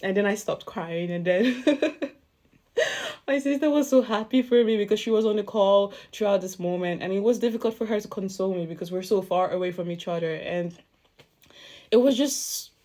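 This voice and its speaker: A young woman vlogger telling a casual storytime, chatty and animated, often breaking into laughter. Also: medium pitch.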